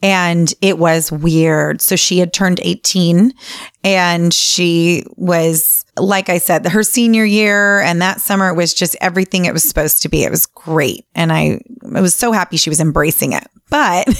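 A woman's voice: fairly low pitch, no echo, studio quality. A woman in her forties, a podcast co-host, talking candidly about parenting with frequent laughs and casual swearing. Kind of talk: casual chat.

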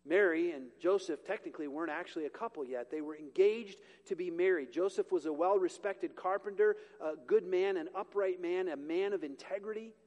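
A male pastor with a high voice preaches to his congregation in a casual, joking way, stopping now and then to fix his own slips. His voice carries with a long hall reverb around it. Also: fairly quick, few pauses, a little mellow, muffled recording. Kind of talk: sermon. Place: church sanctuary with a congregation.

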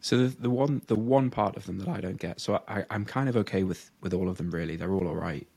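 Talking fast in a deep, darkish, slightly rough voice, a young man co-hosts a laid-back podcast. He's a powerlifter who tells rambling stories, peppered with laughter and plenty of "like."

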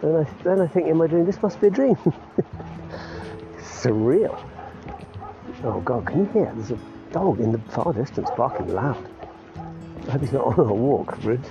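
Out walking his dog, a fifties-aged podcaster wanders through an account of his day, laughing frequently and starting sentences over. His medium-pitched voice is expressive and unhurried, with frequent pauses. Clear music plays behind a muffled recording.

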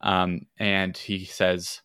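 A man runs a tabletop role-playing game, narrating scenes in a casual, meandering way full of ums and restarts. His voice sits a little low yet sounds bright and forceful. The mic is close and the sound completely dry. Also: completely flat delivery, extremely slow, clean tone, no echo. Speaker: game master.

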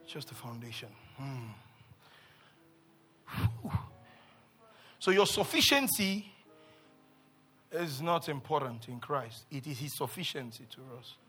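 A male pastor preaching a sermon, swinging from low murmurs to loud shouts and acting out scripture voices. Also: lively intonation, slow pace, long pauses, slightly rough, faint music behind. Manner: acts out scripture voices and asides.

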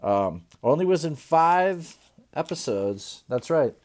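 A man hosting a podcast in a crude, rambling comedic rant, swearing constantly and often trailing off into low mumbles. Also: big pitch swings, takes it slowly, a little mellow, slight background noise. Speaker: podcast host.

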